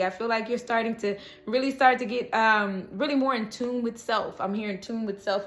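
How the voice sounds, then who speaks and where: A woman's voice: on the high side, roomy sound. A woman giving a casual, chatty tarot reading, encouraging and laughing often as she talks. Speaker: tarot reader.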